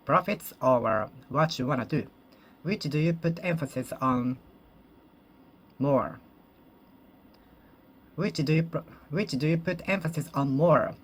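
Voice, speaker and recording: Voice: mid-range voice, breathy edge. Japanese speaker drilling English phrases aloud. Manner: repeats and rephrases each sentence, self-correcting; slow, careful, deliberate. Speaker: English learner. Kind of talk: solo speaking practice monologue.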